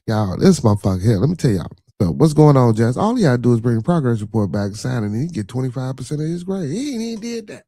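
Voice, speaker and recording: A man's voice: mid-range voice, very animated, fast talker, warm tone, no room sound. A middle-aged man with a Chicago accent hosting a livestream podcast, talking loosely and profanely and tagging nearly every thought with a question to the listener. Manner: loose and profane, constant "you feel me". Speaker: podcast host. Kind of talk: casual livestream monologue.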